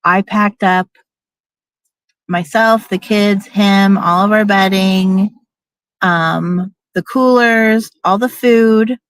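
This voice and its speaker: A woman's voice: medium pitch, fairly even intonation, slow, clean tone, no echo. A middle-aged woman telling a personal story in a candid, emphatic, casual way, now and then swearing and acting out what people said.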